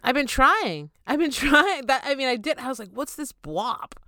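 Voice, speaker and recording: A chatty woman hosts a podcast with a fairly high voice. She rambles in casual chat, laughs often, and sometimes mimics bird calls. The sound is dry and close. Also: lively intonation, normal speed, bright, forceful tone, no room sound. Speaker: podcast host.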